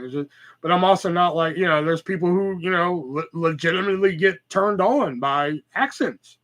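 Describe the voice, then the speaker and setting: A man's voice: high voice, animated, fairly quick, a bit bright, low-quality recording. A man in his thirties hosting a casual solo podcast, rambling and profane with lots of fillers and stutters. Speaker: podcast host.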